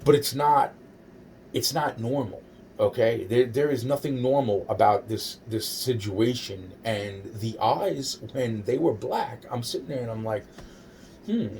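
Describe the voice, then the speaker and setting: A man's voice: medium pitch, measured pace, darkish tone, recorded from a distance, a little hiss or hum. A man in his forties telling a personal story in a rambling, profane way, often repeating himself.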